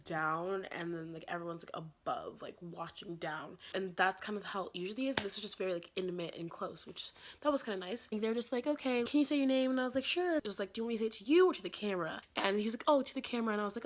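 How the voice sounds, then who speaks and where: A woman's voice: mid-range voice, a bit bright. A young adult woman telling a casual storytime vlog, chatty and filling her talk with "like". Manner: chatty, says "like" constantly. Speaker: vlogger.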